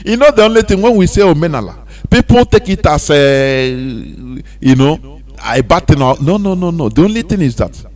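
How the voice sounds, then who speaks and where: A man speaks at normal speed in a very animated voice on the high side. Hosting a radio show from the studio in a Nigerian accent, he preaches through an impassioned monologue of rhetorical questions that becomes sing-song.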